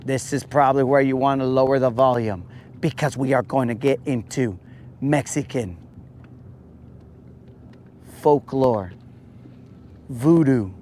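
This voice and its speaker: A man hosting a live fishing stream, chatting casually and teasing his viewers in a joking, drawn-out way. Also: mid-range voice, darkish tone, slight background noise. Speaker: fishing livestream host.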